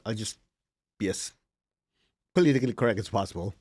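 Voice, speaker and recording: A man's voice: medium pitch, big pitch swings, a little fast, no echo, clean studio sound. A middle-aged man giving an informal spiritual lesson, talking directly and acting out complaining students. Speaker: spiritual teacher.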